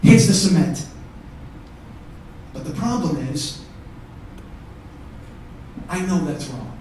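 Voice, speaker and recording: A comedian telling a story on a theater stage, profane, swinging from shouting to hushed. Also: male voice, a little high, expressive, slow pace, noisy background. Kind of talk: stand-up storytelling. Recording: echoey theater from far off.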